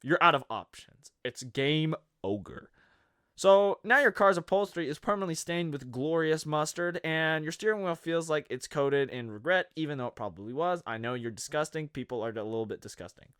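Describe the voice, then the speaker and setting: A man's voice: a little high, lively intonation, normal speed, a bit bright, clean tone, no echo, studio quality. A man narrating a comedy history video in a sarcastic, jokey way, wandering off into rambling asides. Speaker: video host.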